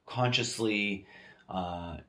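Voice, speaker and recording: Speaking very slowly in a lowish, slightly bright voice, a man hosts a rambling solo podcast from an echoey room at home set up as a studio. He thinks out loud hesitantly, wandering with lots of fillers and restarts.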